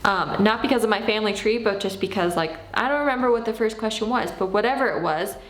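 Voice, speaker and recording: A woman in her thirties telling a personal story in a casual, animated way, acting out what she said back then. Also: mid-range voice, fast, reverberant. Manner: animated, acts out her own past lines. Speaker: vlogger.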